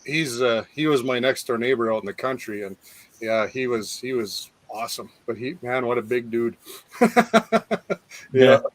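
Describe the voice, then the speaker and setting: A man's voice: mid-range voice, fairly even intonation, moderate pace, dry recording. Man, host, casual chat, easygoing, enthusiastic, dry close sound. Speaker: show host.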